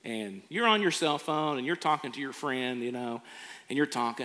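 A man's voice: mid-range voice, sing-song, normal speed, bright, forceful tone. A man preaching a sermon, earnestly acting out people's reactions. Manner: earnest, acts out quoted reactions. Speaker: pastor. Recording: long hall reverb.

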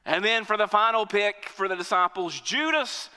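A man preaching a sermon, lively, acting out the reactions of an imagined crowd in raised voices. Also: sits high, normal speed, clear, resonant tone, long reverb tail.

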